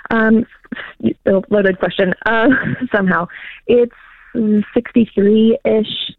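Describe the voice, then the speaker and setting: A woman's voice: a little high, steady tone, slow pace, no room sound. A woman calling in to an advice show, speaking hesitantly with many fillers. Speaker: caller. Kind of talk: phone call-in. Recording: tinny phone line.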